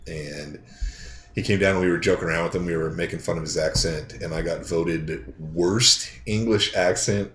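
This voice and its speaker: A man's voice: deep voice, normal speed, roomy sound, slight background noise. A man playing a tabletop game, asking questions and telling jokey stories. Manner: joking, lively storytelling. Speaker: player.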